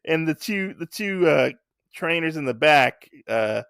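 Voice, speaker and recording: A man's voice: on the high side, measured pace, creaky, smooth, dry recording, studio quality. A man co-hosting a casual podcast, retelling a comic chapter and acting out the characters' lines. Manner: animated, acts out characters' lines while recapping. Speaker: podcast co-host.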